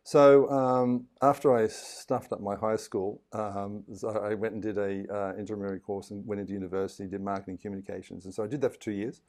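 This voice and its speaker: A fairly low-pitched Australian man talking as an interview guest. He tells his story in a loose, rambling way and often stops on an um or uh to find his words. The delivery is relaxed and conversational. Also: brisk, hardly any pauses. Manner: rambling, hesitant with frequent ums and uhs. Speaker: podcast guest.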